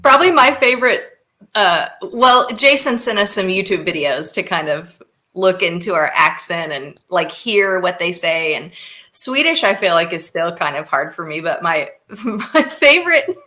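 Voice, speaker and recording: A woman's voice: medium pitch, sharp tone. A woman who acts in stage plays, chatting casually and laughing often. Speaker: actor guest. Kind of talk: casual chat.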